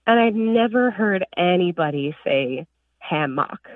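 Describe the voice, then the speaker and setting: A young woman from northern Illinois calls in to a radio show and tells her story in a chatty, animated way. She comes through a tinny phone line and sounds set back from the mic. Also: lowish voice, normal speed, no room sound, distant mic. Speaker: caller. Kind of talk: phone-in call.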